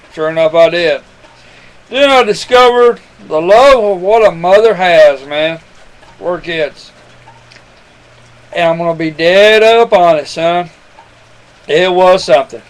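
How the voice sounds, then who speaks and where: Man, high voice, smooth clear tone, earnest rambling testimony, webcam recording. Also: unhurried, pauses often, low-quality recording. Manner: earnest, rambling, addresses listener as son. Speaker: webcam storyteller. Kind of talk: casual personal testimony.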